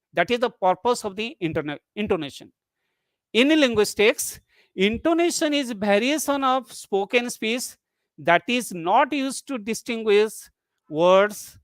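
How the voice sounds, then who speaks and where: A lecturer delivering an academic webinar, walking through each idea slowly and restating it in new words. The voice sits at a middling pitch and is recorded dry and close, with no room sound. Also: dry recording. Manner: explanatory, repeats and rephrases points, occasional restarts.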